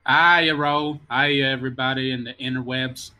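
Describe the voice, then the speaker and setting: A man co-hosting a casual podcast, excitable and jokey, swearing a lot. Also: medium pitch, normal speed. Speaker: podcast co-host. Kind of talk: casual chat.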